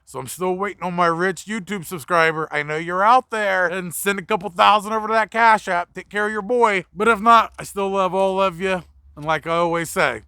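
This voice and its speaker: A young mechanic tells a casual, profane story with a high, gravelly voice. His tone is bright and forceful. The sound is close and dry. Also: a little fast, no echo. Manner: blunt, profane, chatty storyteller. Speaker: mobile mechanic.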